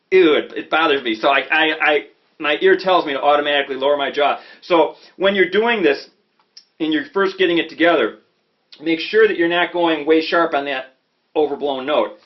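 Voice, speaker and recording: A man from Chicago giving a relaxed saxophone lesson, talking conversationally and checking in often with "okay?" and "you know". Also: fairly high pitch. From Chicago, USA. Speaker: saxophone teacher. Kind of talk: casual instructional talk. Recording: slightly dull lo-fi audio with faint music.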